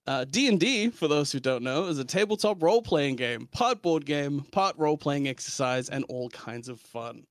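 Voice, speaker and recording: A man's voice: a little high, expressive, moderate pace, hardly any pauses, no echo, clean studio sound. A young man with a New Zealand accent, hosting and narrating a tabletop game in a dramatic storytelling manner. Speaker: game master and host. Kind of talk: podcast intro and scripted narration.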